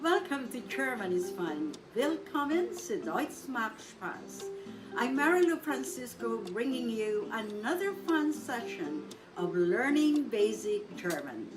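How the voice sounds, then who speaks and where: A woman's voice: on the high side, very animated, over music. A woman hosting a radio German lesson, repeating words and phrases for listeners. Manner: slow, drawn-out drill with repeated phrases. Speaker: German language segment host.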